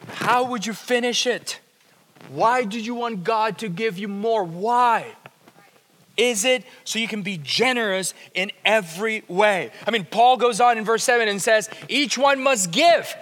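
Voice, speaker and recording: Dynamic high-voiced male preacher in a hall. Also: unhurried. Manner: dynamic, swings from hushed to emphatic. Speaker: pastor. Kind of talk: sermon.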